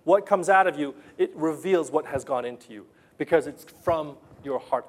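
A man's voice: a little high, moderate pace, hardly any pauses. A male pastor preaching a sermon in an earnest way, often putting questions to the congregation and repeating key phrases.

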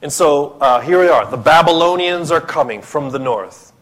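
A man's voice: fairly high pitch, animated, moderate pace, a bit bright. A man from the Philippines, preaching a sermon as pastor, emphatic and full of rhetorical questions.

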